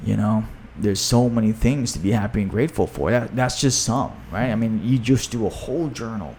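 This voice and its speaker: A man's voice: lowish voice, brisk, few pauses, a little mellow, a little hiss or hum. A man hosting a podcast in a casual, enthusiastic talk, often adding "you know" and "right?". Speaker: podcast host and author.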